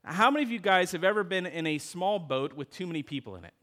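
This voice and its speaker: A man's voice: high-pitched, fast talker. A middle-aged man preaching a sermon, talking to the congregation, asking them questions and telling stories. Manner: animated preaching with audience call-outs and storytelling. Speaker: pastor.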